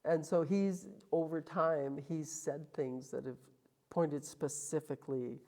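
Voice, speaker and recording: Her voice sits low and her pace is measured as she recounts her story casually during an interview. The guest, a woman from Calgary, Canada, is animated and voices the quoted lines of others.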